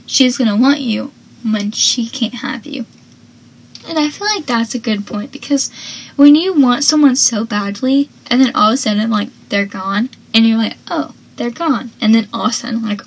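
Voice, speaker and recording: A young woman with a breathy voice, casually recapping a TV episode and chatting about it between quotes. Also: on the high side, rough recording. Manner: chatty, filler-heavy, reads out quotes. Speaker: recap commentator.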